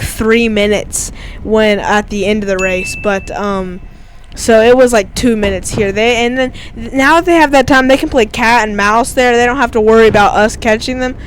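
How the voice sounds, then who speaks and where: A man's voice: sits high, a little hiss or hum. A teenage boy, giving casual, rambling voice-over commentary over his own race footage and filling his talk with "like". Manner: rambling and chatty, heavy on "like" fillers. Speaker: amateur bike racer and vlogger.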